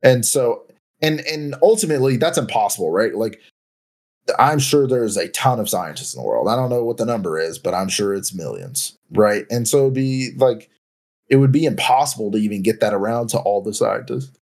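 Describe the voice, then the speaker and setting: A man's voice: medium pitch, animated, normal speed, a little mellow. A young man in casual podcast chat, hedging and saying "like" and "right?" often.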